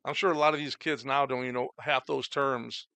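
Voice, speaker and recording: A man's voice: medium pitch, fairly even intonation, fairly quick, vocal fry, pushed and bright. A middle-aged man, a guest chatting casually and rambling with many fillers about his wrestling days. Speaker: podcast guest, former wrestler. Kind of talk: casual storytelling chat.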